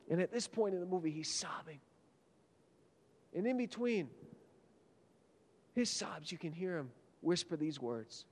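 A man with a high, light voice preaches a sermon, telling stories dramatically and dropping from emphatic peaks to near whispers. His words ring out with a long reverb, as if he stands in a large hall. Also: expressive, normal speed, long pauses. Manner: dramatic storytelling, swinging from loud peaks to hushed whispers.

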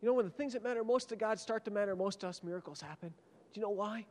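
A man with a high, light voice preaches a sermon, telling stories dramatically and dropping from emphatic peaks to near whispers. His words ring out with a long reverb, as if he stands in a large hall. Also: racing. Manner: dramatic storytelling, swinging from loud peaks to hushed whispers.

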